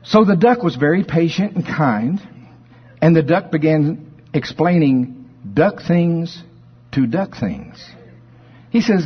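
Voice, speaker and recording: A male preacher giving a sermon and telling a folksy story in an animated way. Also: on the high side, slow pace, long pauses, slightly rough. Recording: dull sound with long hall reverb.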